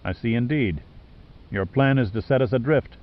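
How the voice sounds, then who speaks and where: A man voicing a hard-bitten adventurer hero who speaks low, quiet and biting. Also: normal speed, muffled recording, natural voice. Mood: grim sarcasm.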